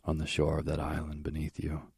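A wise, unseen goddess who speaks gravely and mildly, read by a man. The voice is very deep, with a gravelly, husky texture. It stays dry and close. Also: completely flat delivery, a little fast, a little mellow, no echo, heavily acted. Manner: grave, mild.

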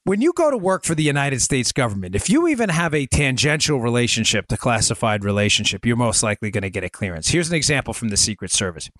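A man's voice: medium pitch, very animated, quick pace, hardly any pauses, a bit bright, no echo, clean studio sound. A man in his forties hosting a political commentary podcast, talking emphatically to his listeners with sarcastic asides and stories. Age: 40s. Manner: storytelling, addresses listeners as folks. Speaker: podcast host.

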